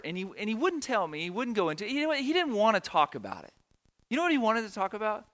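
A man's voice: sits high, huge pitch swings, fast talker, sharp tone. A middle-aged man, a pastor telling a story in a sermon in an earnest, emotional way, repeating phrases for emphasis.

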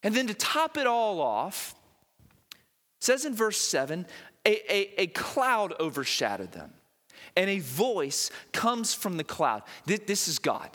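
A man preaching a sermon, animated and emphatic, often repeating words as he builds to a point, recorded in a church. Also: high-pitched, takes it slowly, long reverb tail. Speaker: pastor.

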